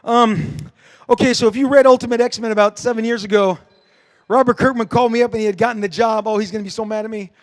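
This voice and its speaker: In a dark convention panel room, a middle-aged comic book creator fields audience questions with lively, joking stories. He speaks fast in a high-pitched voice.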